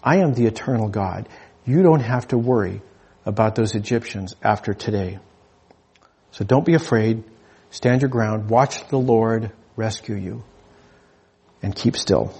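A man's voice: fairly low pitch, measured pace, pauses often, darkish tone, breathy edge. A man preaching a sermon in a conversational, humorous way, often restarting his phrases.

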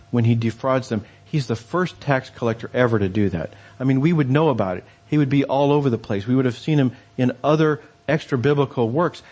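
A man's voice: mid-range voice, a little mellow, breathy edge. A man preaching a sermon in a conversational storytelling way, with fillers and restarts.

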